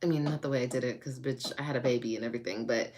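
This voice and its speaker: A woman's voice: rumbling low, fairly even intonation, rapid-fire, darkish tone, a little hiss or hum. A woman vlogger chatting casually with her viewers and answering their comments, frank and rambling, and calling them babe and girl. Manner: rambling, with restarts.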